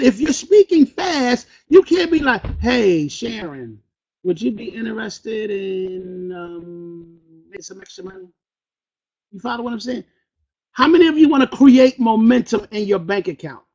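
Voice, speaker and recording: A man runs a motivational sales training with a very high-pitched, husky voice. He talks fast, fires questions at his audience and acts out quick phone pitches. The recording is dull and lo-fi. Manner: fast, call-and-response, acts out phone calls. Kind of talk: energetic motivational training talk.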